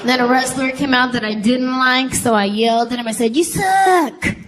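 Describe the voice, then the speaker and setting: A woman's voice: fairly high pitch, little pitch movement, fairly quick. A woman doing a stand-up comedy routine on stage, telling stories and acting out childhood voices. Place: comedy stage before a live audience. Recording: live show with crowd and noise.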